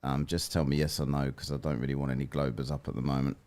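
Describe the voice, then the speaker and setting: A man's voice: a bass voice, level tone, fast talker, darkish tone. A man hosting a livestream, debating callers in a sarcastic, mocking way. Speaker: livestream host.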